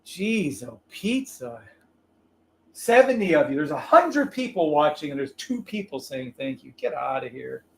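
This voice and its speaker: A man hosting a live trading stream, calling trades in an excitable, profane, loud way. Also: a little high, measured pace, creaky. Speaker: livestream trading host.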